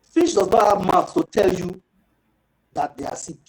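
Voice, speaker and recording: A man giving a fish farming training talk, lively and rhetorical, acting out little dialogues. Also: sits high, measured pace, poor audio.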